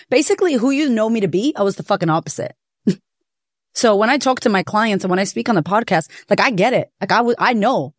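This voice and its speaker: A woman hosting a podcast, telling her own story in a candid, profane, animated way. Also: mid-range voice, no echo, studio quality. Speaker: podcast host. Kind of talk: personal confessional monologue.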